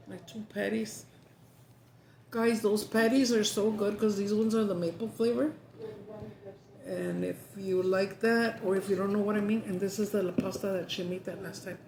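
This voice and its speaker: Gravelly chatty woman vlogging over food. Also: medium pitch. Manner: chatty, switches into Spanish phrases. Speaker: mukbang vlogger. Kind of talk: casual chat while eating. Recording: echoey room with background noise.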